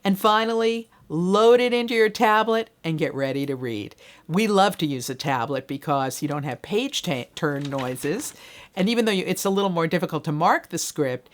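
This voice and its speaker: Woman, middle-aged, voiceover coach, low-ish voice, lively swooping delivery, conversational training video. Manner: upbeat and conversational, talks straight to the viewer. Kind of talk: direct-to-camera training video.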